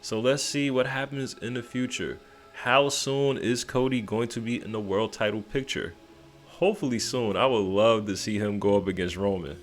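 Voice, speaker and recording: A man casually recapping a wrestling show, animated and playful, mimicking the wrestlers as he goes. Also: fairly low pitch, normal speed.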